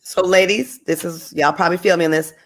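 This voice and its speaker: A woman guest telling a story in casual chat, animated and acting out quotes. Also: fairly low pitch, a little fast.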